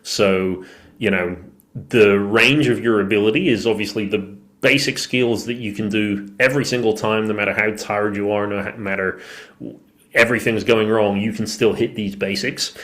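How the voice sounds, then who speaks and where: A man's voice: on the low side, a bit bright. A man hosting a podcast on movement who is losing his voice, talking loosely and thinking aloud with plenty of fillers. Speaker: podcast host and movement coach. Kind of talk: casual solo podcast talk.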